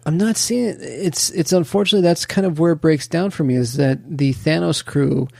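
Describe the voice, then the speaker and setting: Man with a higher voice, dry close sound. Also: fairly quick, creaky, darkish tone, no room sound. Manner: laughs often, slips into goofy voices to retell scenes. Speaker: podcast co-host. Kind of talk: casual chat.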